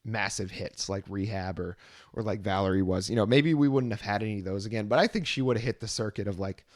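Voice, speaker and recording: A man with a lowish voice co-hosting a music podcast. He talks in an easygoing, rambling way, leaning on little fillers. The recording is dry and close. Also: quick pace, no room sound. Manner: relaxed, rambling, many "you know" fillers. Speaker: podcast co-host. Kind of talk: casual chat.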